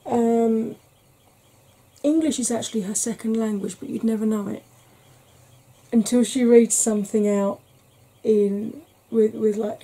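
A Welsh woman chatting frankly in a soft-spoken ASMR vlog, rambling with fillers. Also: medium pitch, creaky. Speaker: ASMR vlogger.

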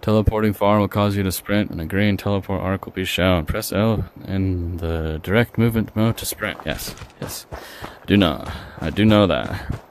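Deep-voiced man chatting over gameplay. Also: steady tone, normal speed, few pauses, slight background noise. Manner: chatty, joking, reacting aloud. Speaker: gaming streamer. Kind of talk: casual gameplay commentary.

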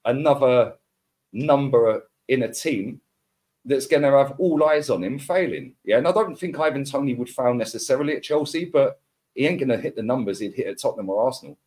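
Man, football podcast pundit, heated slangy rant, middle pitch. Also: brisk. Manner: animated ranting with slang and repeated words. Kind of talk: heated casual football chat.

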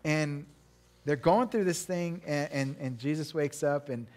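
A man's voice: a little high, measured pace, a little mellow. A middle-aged man, a pastor, giving a casual conversational sermon with chatty, self-deprecating asides and frequent restarts.

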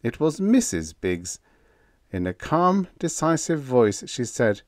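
A man's voice: mid-range voice, very animated, slow pace, dry recording, studio quality. A man reading a humorous vintage sci-fi story aloud in scripted narration, wry and playful. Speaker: audiobook reader.

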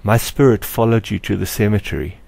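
A young spirit-walker girl speaks softly and calmly, motherly beyond her years, in a low, hushed voice, as a man reads her in a storybook. The recording is dry and close. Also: a little fast, creaky, breathy edge, dry recording. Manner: calm, soft, soothing.

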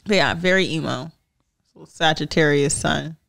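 A young woman co-hosting a podcast in casual chat, an animated storyteller who laughs often. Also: low-pitched, moderate pace, creaky. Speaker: podcast co-host.

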